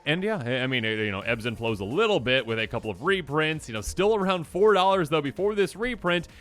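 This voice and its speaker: Male host, enthusiastic chatty reviewer, slightly hoarse, fairly high voice, soft music underneath. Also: lively intonation, fairly quick. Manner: enthusiastic, chatty, lots of fillers. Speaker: channel host. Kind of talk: casual card review commentary.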